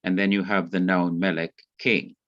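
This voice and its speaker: A man teaching Hebrew grammar in an online class, explaining slowly and carefully with restarts. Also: low voice, little pitch movement, fairly bright tone, no echo, muffled recording. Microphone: video call.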